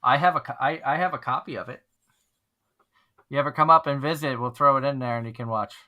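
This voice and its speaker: A man's voice: medium pitch, fast talker, bright, forceful tone. A man hosting an online fan radio show, chatting casually and rambling with frequent restarts. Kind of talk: casual chat.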